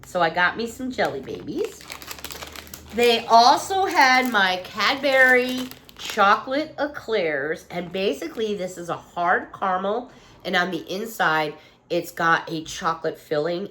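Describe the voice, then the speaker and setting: A woman's voice: on the low side, a bit bright, a little hiss or hum. A woman vlogger from the United States chatting casually and gushing over a haul of British sweets. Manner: gushing, chatty, emotional about British treats. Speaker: vlogger showing a shopping haul. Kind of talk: casual chat.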